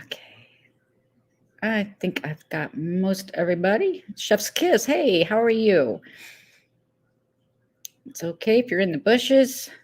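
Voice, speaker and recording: A woman's voice: medium pitch, big pitch swings, slow pace, long pauses, a little mellow. A woman hosting a casual live stream, chatting loosely, laughing easily and greeting viewers one by one by name. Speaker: livestream host.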